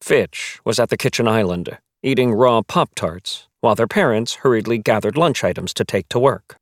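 A man reading a novel aloud as its narrator, telling the story in a measured, wry way. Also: lowish voice, lively intonation, no room sound, studio quality. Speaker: audiobook narrator. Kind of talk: scripted narration.

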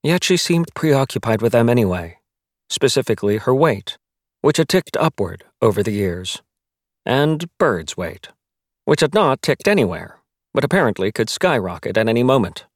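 A man reading a novel aloud as its narrator, telling the story in a measured, wry way. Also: medium pitch, big pitch swings, dry recording, studio quality. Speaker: audiobook narrator. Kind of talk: scripted narration.

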